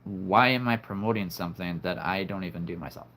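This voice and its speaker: A man's voice: deep voice, a little fast, fairly bright tone, slight background noise. A man hosting a live stream, talking to his viewers in an earnest, heartfelt, reflective way. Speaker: livestream host.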